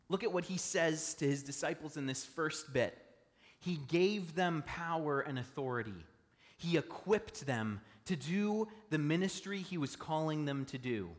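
A man's voice: fairly high pitch, expressive, unhurried, big-room sound. A man preaching a sermon from a church stage, conversational and often asking the congregation questions. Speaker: pastor.

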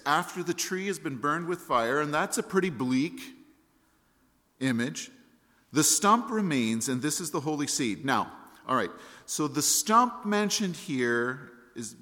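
A man's voice: mid-range voice, fairly bright tone. A man preaching a sermon as pastor, explaining plainly and reading scripture aloud with rising force. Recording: long church-hall reverb.

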